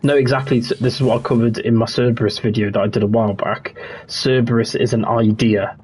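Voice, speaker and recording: A young man streaming a game, chatting in a relaxed, rambling way and answering his chat as he plays. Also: medium pitch, a little fast, slight background noise. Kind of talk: casual livestream chat.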